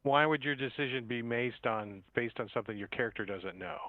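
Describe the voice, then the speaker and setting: A man's voice: medium pitch, brisk, no room sound. A man running a tabletop game as game master, narrating scenes in a rambling, laid-back way. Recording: tinny, dry phone-like line.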